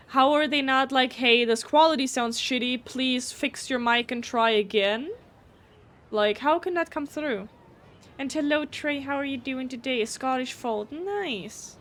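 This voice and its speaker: Woman streamer chatting w viewers, a bit high voice, blunt, swears a lot. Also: measured pace, a bit bright. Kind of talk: casual live gameplay commentary.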